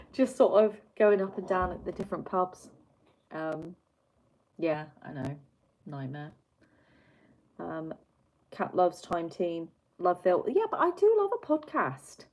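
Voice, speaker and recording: A woman's voice: on the low side, darkish tone. A woman from Wiltshire, chatting casually and rambling as she swatches art pencils on a livestream, mocking herself and reading out chat messages. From Wiltshire, England.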